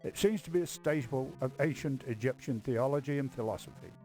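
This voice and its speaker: A woman's voice: very deep voice, a little fast, dark tone, soft background music, voice pushed down. A woman voicing an aloof older male museum staffer in a dry, dismissive way while playing an adventure game.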